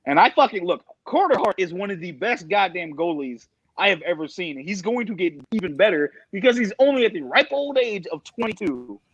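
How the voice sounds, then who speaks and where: A man guesting on a podcast, telling stories in a profane, excitable way. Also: high voice, brisk, hardly any pauses, husky. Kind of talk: casual podcast chat. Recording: dull lo-fi dry mic.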